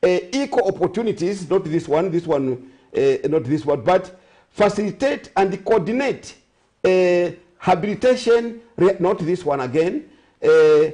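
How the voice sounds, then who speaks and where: High-voiced Zambian man, rambling aside-filled talk. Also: dark tone. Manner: rambling, self-correcting, sarcastic asides. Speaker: guest. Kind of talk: studio talk show discussion.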